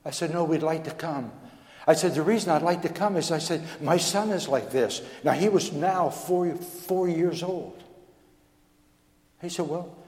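A male pastor telling a folksy, animated story in a sermon, acting out the dialogue. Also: on the high side, unhurried. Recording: echoey hall with long reverb.

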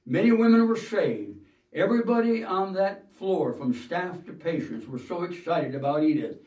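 A man preaching a sermon, telling a story in an earnest, measured way with "uh" fillers and the odd throat-clearing. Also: high voice, lively intonation, warm tone. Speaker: pastor. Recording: roomy hall, mic at a distance.

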